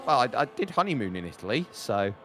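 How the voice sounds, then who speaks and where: A man commentating a sim racing event, talking loosely with fillers and rising to shouts when the action picks up. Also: medium pitch, very animated, fast, slight background noise. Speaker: race commentator.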